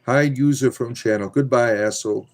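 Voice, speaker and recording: A man hosts a casual livestream, reading viewer comments and answering them bluntly and sarcastically while cursing freely. He speaks at a medium pitch and moderate pace, with background noise present.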